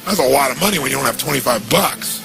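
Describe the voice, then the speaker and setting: Male motivational speaker, raspy fried edge, tells a story with punchy rhetorical questions over clear background music. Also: mid-range voice, animated, fast, low-quality recording. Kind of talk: storytelling seminar speech.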